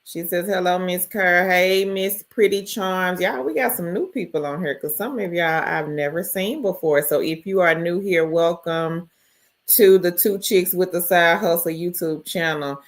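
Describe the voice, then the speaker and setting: A woman's voice: fairly low pitch, a little slow. A woman hosting a casual live stream, greeting viewers by name and reading their chat messages aloud. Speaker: livestream host.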